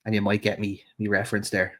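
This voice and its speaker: A man's voice: lowish voice, flat delivery, fast, a bit bright. A man co-hosting a football podcast, laid-back, swearing casually and laughing easily. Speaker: podcast co-host.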